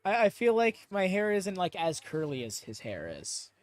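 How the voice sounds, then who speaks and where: A young man hosting a live watchalong stream, chatting excitedly with many fillers and quick laughs on a close mic. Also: high voice. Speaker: watchalong host. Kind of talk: live reaction commentary.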